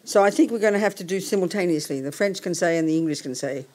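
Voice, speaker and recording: A woman's voice: lowish voice, fast talker, a little mellow. An older woman, a Buddhist nun, teaching in a blunt, outspoken and bossy casual manner.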